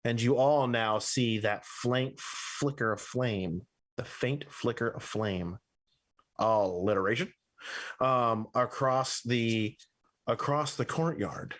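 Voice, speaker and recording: Man narrating as game master, halting. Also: medium pitch, a bit bright. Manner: loose, halting narration with fillers and restarts.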